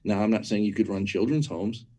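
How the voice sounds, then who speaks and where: A man's voice: fairly low pitch, fairly even intonation, brisk, mellow. A man speaking as an interview guest, teaching about churches in an emphatic, conversational way. He often repeats words as he builds a point and checks in with rhetorical questions. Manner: asks listeners rhetorical questions.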